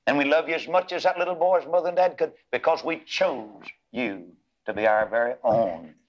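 A man's voice: moderate pace, dull audio, natural voice. Loving father played by a preacher, tender and earnest. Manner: tender and low, then rising to earnest. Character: loving adoptive father of a boy.

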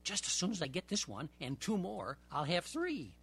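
A man's voice: sits high, huge pitch swings, normal speed, vocal fry, fairly bright tone, husky, full character voice. A man playing a stubborn bossy boy. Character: stubborn bossy chubby boy fishing buddy.

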